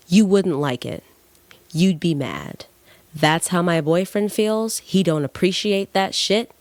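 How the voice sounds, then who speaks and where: A woman's voice: sits low, no echo. A young woman hosting a podcast, talking bluntly in a heated, casual monologue and swearing freely. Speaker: podcast host.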